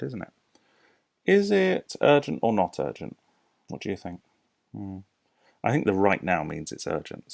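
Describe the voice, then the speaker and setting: A man with a British accent, a primary school teacher giving a recorded lesson to young children, explaining slowly and patiently with questions to the class. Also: low-pitched, no room sound. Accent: British English. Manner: slow, clear, patient explaining with rhetorical questions.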